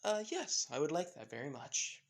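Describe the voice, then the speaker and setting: A man's voice: fairly high pitch, big pitch swings, normal speed. A man doing a stern scolding mother. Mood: polite. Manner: scolding, strict.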